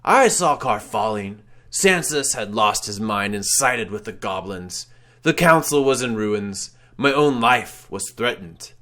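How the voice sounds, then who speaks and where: A man voicing an ancient ghostly wraith sorcerer who declaims slowly and grandly. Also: expressive, pushed and bright. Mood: commanding. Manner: slow, booming, grandly declaiming.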